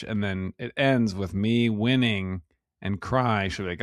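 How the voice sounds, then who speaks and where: A man's voice: lowish voice, normal speed, no room sound. A man co-hosting a podcast in easygoing casual chat, laughing often and swearing casually. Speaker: podcast co-host.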